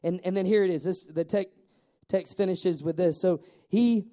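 Male pastor, high mellow voice, animated storytelling sermon. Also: normal speed.

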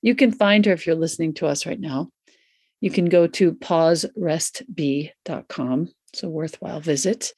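A woman hosting a podcast, introducing her guest in an effusive, excitable way and riffing casually. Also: deep voice, moderate pace, slightly rough, no room sound, studio quality. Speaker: podcast host. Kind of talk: warm podcast interview intro. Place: Santa Fe, US.

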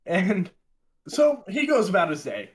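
A young man telling a story in a casual, animated and exasperated way, swearing often. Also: high voice, a little slow, a little hiss or hum. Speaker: podcast co-host telling a story.

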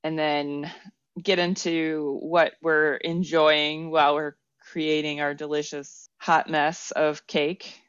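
Low-voiced woman co-hosting a cooking podcast. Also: flat delivery, slow, clear, resonant tone, no echo, dull audio. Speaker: podcast co-host. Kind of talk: casual chat while cooking.

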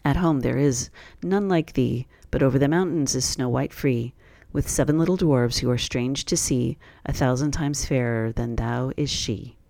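A man's voice: mid-range voice, creaky, darkish tone, dry recording, close to an everyday voice. A solemn magic mirror, read by a man. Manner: measured rhyming pronouncement.

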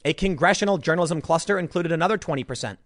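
A man's voice: on the high side, rapid-fire, no room sound, clean studio sound. A man giving sarcastic political commentary, reading an article aloud with mocking asides.

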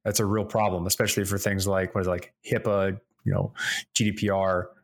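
A man's voice: low-pitched, level tone, a little fast, vocal fry. A man co-hosting a casual podcast, explaining things at length with some rambling. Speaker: podcast co-host. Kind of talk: casual roundtable chat.

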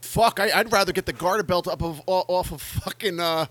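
Profane excitable male podcast co-host. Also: sits high, fairly quick, no echo. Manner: swears freely, stammers when worked up. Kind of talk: casual true-crime podcast chat.

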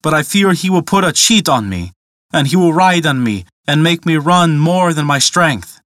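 A man's voice: fairly high pitch, animated, moderate pace, fairly bright tone, no echo, studio quality. A man voicing a fearful, put-upon male donkey in a fable. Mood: worried. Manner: worried, complaining.

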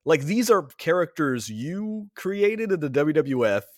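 A man's voice: fairly high pitch, a little slow, dry recording, clean studio sound. A man, a returning podcast guest and a father, ranting sarcastically in casual chat. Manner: sarcastic, animated rants.

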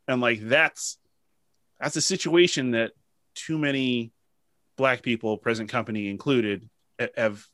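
A man's voice: mid-range voice, a little slow, pauses often, dry recording. A man hosting a casual podcast chat, telling stories emotionally with lots of fillers. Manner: emotional, animated storytelling with many fillers. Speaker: podcast host.

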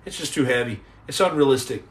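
A middle-aged man hosting a casual live stream, jumping between jokes and shout-outs to the chat. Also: medium pitch, lively intonation, quick pace, slight background noise.

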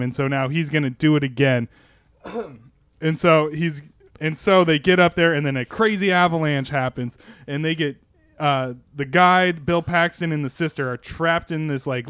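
A young man tells a movie plot in a loose, sarcastic ramble and keeps breaking into laughter. His voice sits a bit high, and the recording is dry and close. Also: fairly bright tone, clear, resonant tone, no echo. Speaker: podcast panelist pitching a movie. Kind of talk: casual movie-recap chat.

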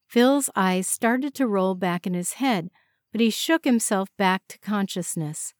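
A woman reads an audiobook chapter with steady, expressive storytelling. Her voice sits at a middle pitch and the recording is dry and close. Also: measured pace, no echo. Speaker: narrator. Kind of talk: audiobook narration.

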